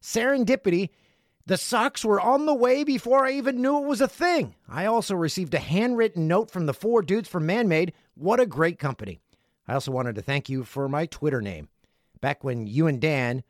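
Guy hosting his podcast, kinda high voice, super bouncy and jokey reading fan mail, dry close sound. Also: no echo. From Canada. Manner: playful, jokey, lively delivery. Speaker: podcast host. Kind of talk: casual podcast monologue reading listener messages. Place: home studio.

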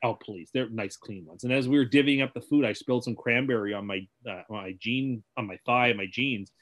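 A man co-hosting a comedy podcast, talking deadpan and slipping into deliberately poor celebrity impressions. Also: medium pitch. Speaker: podcast co-host. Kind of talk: comedic banter.

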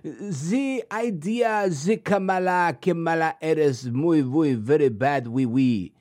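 A man's voice: a little high, slow, a little mellow. A man doing a mocking impression of a woman politician in an exaggerated fake French accent. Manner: exaggerated, sing-song, mocking.

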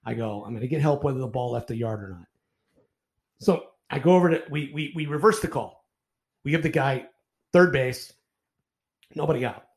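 A man's voice: medium pitch, moderate pace, long pauses. Profane older man telling umpire stories. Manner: profane, animated anecdotes with repeated restarts. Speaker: retired baseball umpire. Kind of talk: casual storytelling in a podcast interview.

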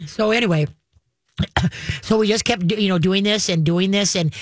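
A woman's voice: medium pitch, normal speed, dry recording, studio quality. A woman telling a long story in casual conversation, full of fillers and restarts. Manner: rambling, many fillers and restarts.

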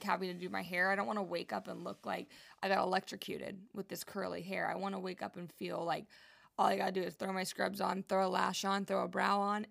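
Young woman vlogger, gravelly edge, loose and chatty, mid pitch. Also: fairly bright tone. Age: young adult. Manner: chatty, rambling, lots of likes and you knows. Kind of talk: casual vlog chat. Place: Hawaii home.

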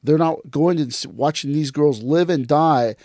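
A man hosting a martial arts podcast in casual chat, animated, sometimes mimicking online commenters. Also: normal speed, no room sound, studio quality. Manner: animated, acts out mocking commenters in sudden high voices.

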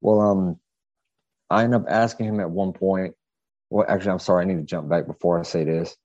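Deep, dark-voiced man telling a rambling story. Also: fairly even intonation, a little fast, dry recording, muffled recording. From southeastern United States. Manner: rambling, hesitant, many fillers and restarts. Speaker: podcast guest. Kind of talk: casual storytelling.

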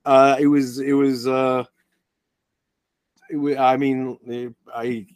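A young man co-hosts a podcast, chatting casually about a film in a medium-pitched, level voice that is slow, darkish and clean, recorded dry. He rambles, restarts his sentences, and now and then drops a profane aside.

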